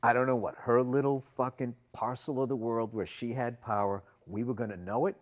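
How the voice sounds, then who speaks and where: A man's voice: mid-range voice, fairly even intonation, a little fast. A middle-aged man, co-hosting a podcast and swearing his way through rambling anecdotes. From Boston. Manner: profane, rambling anecdotes, acts out other people's lines. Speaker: podcast co-host. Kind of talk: casual storytelling chat.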